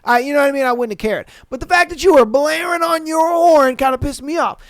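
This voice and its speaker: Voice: high voice, quick pace, no echo. A podcast host telling a story in casual, slangy, profane speech, repeating phrases for emphasis and acting out what people said. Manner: animated, profane, acts out quoted lines.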